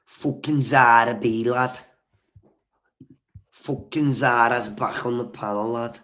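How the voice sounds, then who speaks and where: A man talking casually on his livestream, hoarse with his voice nearly gone, laid-back and sweary. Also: mid-range voice, steady tone, takes it slowly, fairly bright tone. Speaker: streamer.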